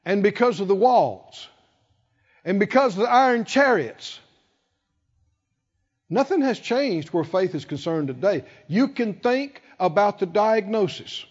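A man preaching a sermon with emphasis, acting out quoted voices and building to loud peaks. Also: high-pitched. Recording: dull, reverberant hall sound.

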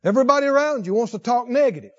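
On a muffled recording, a man preaches with lively intonation, reading scripture and questioning his listeners. His pace is slow, and his voice goes up in pitch when he underlines something.

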